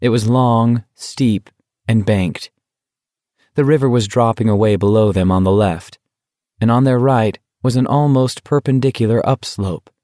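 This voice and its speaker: A man reading a novel aloud in measured, even audiobook narration. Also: medium pitch, no room sound, studio quality. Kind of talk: scripted narration.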